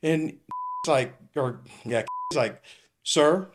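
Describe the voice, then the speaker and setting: A man's voice: mid-range voice, expressive, a little fast, background noise. A middle-aged man with a Californian accent, a retired police captain telling a story in casual conversation, acting out the dialogue and laughing as he goes.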